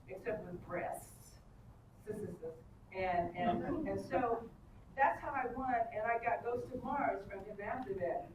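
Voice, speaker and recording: An older woman at a convention panel, telling bawdy anecdotes with big laughs and acted-out voices. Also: mid-range voice. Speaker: panel guest. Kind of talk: animated storytelling with acted-out voices. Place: convention panel room with audience. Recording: roomy convention hall, distant, crowd noise.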